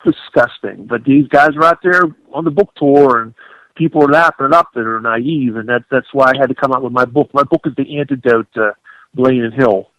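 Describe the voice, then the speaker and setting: A man, an author guesting on a radio interview, talking in an emphatic, indignant, animated way. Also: mid-range voice, fairly quick, no room sound. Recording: dull lo-fi radio broadcast.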